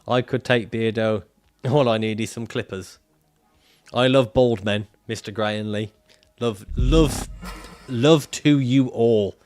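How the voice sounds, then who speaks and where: A man's voice: medium pitch, takes it slowly, darkish tone, soft background music. A man livestreaming casually, reading out viewer comments and answering them in a jokey, profane way and laughing often.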